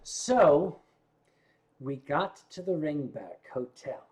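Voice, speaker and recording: A man's voice: fairly high pitch, very animated, slow pace, darkish tone. An older man, a vlog host, telling rambling anecdotes in casual storytelling style with asides to his viewers.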